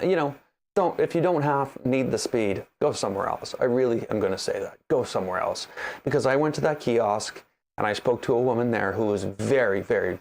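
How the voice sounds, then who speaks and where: A man hosting a maker livestream, chatting casually and telling stories with an animated, ranting manner. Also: mid-range voice, gravelly.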